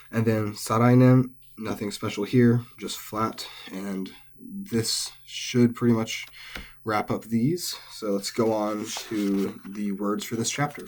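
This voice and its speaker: A man explaining Japanese pitch accent in a patient, methodical lesson, with frequent fillers. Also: darkish tone. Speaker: language teacher.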